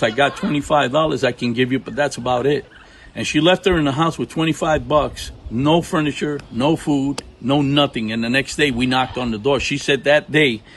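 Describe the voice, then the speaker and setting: A middle-aged man from Puerto Rico, a ministry partner telling faith testimonies in an animated way, acting out what people said. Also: medium pitch, a little hiss or hum, poor audio. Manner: animated storyteller, acts out quotes. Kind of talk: testimony talk. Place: outdoors at home.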